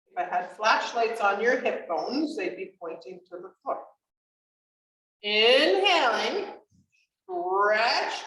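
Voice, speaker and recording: A woman's voice: fairly high pitch, a bit bright. Chatty woman leading a chair yoga class. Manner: encouraging, chatty, laughs often. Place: community class room. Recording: echoey room, voice from far off mic.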